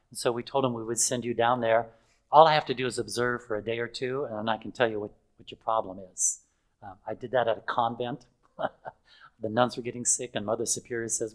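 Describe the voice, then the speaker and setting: A man's voice: medium pitch, brisk, poor audio. An older man preaching in a chatty storytelling way, with fillers and frequent chuckles. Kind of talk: anecdotal sermon.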